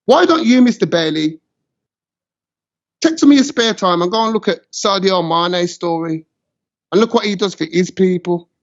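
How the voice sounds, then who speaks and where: A high-voiced man rants with passion, dropping into patois as he builds his case. The recording is muffled and lo-fi. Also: animated, moderate pace, pauses often. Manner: passionate, ranting, slips into patois. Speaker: show host. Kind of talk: heated opinion chat. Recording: dull lo-fi sound.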